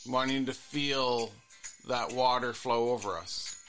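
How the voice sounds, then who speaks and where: Bright-voiced musing male therapist. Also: mid-range voice, steady tone, slow pace, faint music behind. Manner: musing, repetitive, earnest. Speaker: couples therapist and podcast host. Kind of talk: reflective solo monologue.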